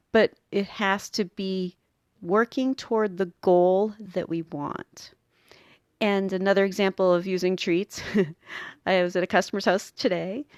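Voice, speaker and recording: A woman's voice: fairly low pitch, dry recording. Chatty woman dog groomer, dry close sound. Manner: chatty, self-interrupting, acts out little voices. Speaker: podcast host and dog groomer. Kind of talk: casual teaching talk.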